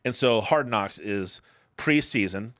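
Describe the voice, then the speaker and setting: A middle-aged man co-hosting a talk show, telling stories in an animated, chatty way with some swearing. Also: on the low side, takes it slowly, no room sound, studio quality. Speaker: podcast co-host. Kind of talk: casual chat.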